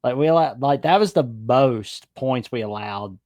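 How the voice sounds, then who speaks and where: Mid-pitch guy gushing about old football seasons, rambly, lots of "like". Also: animated, normal speed, darkish tone. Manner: enthusiastic, rambling, says "like" and "man" a lot. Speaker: podcast co-host. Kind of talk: casual sports chat.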